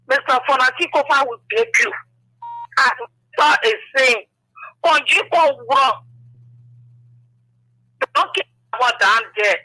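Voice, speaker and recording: A high-voiced woman pleading by phone. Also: sharp tone, no echo, poor audio. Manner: pleading, emotional, raises voice. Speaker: caller. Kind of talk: impassioned call-in plea.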